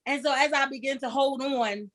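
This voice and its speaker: A woman with a fairly high voice talks in a casual chat, animated and candid. She tells her story with emphasis and acts out each exchange as she goes. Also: moderate pace.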